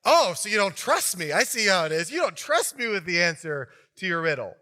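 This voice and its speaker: A man's voice: extremely high pitch, expressive, measured pace, sharp tone, voice pushed up, exaggerated voice. A man putting on a pouty young bride. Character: young bride, pleading and manipulative.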